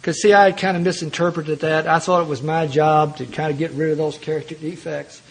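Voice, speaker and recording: An older man from Kentucky tells a long story at a recovery meeting, his voice sitting noticeably high. He talks in a folksy, self-mocking way and often circles back and restarts his phrases. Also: fairly even intonation, fairly quick, rough recording. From Louisville, Kentucky. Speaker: AA speaker.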